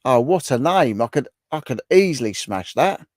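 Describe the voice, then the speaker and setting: A man's voice: medium pitch, animated, normal speed, no echo, studio quality. A man hosting a casual livestream, reading viewer comments aloud and chatting with them in a bantering, repetitive way. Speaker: livestream host.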